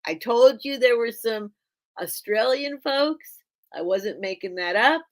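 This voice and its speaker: A woman's voice: fairly high pitch, animated, a little slow. A woman hosting a casual live-stream sale, chatting and thinking aloud as she greets viewers by name. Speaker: live online sale host.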